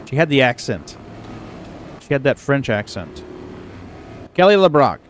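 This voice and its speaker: Middle-aged male streamer, slow and easygoing, rambling chat with sudden exclamations, faint noise behind. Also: medium pitch, big pitch swings. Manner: chatty, rambling, exclamatory asides. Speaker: livestream host. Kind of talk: casual chat with viewers. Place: home computer setup.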